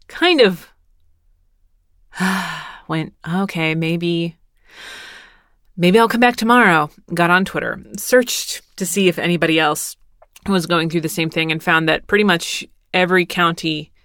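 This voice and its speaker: A woman's voice: fairly low pitch, slow, pauses often, fairly bright tone, dry recording, studio quality. A woman in her thirties from Texas telling a rambling, wry story in casual monologue, swearing lightly and laughing as she goes. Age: 30s.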